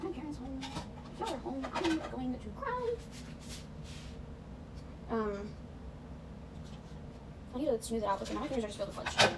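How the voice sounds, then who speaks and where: A young woman talks fast and a little high as she bakes in her home kitchen, joking at her own expense and breaking into snatches of show tunes. She is heard from a camera set some way off. Clear noise runs under her voice. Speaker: vlogger. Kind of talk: casual baking vlog chat. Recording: distant camera mic with noise.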